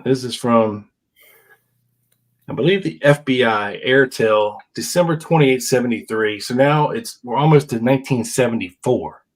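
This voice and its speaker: A man's voice: medium pitch, normal speed, poor audio. A podcast host in his fifties chatting casually and reading old legal papers aloud with wry asides. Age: 50s.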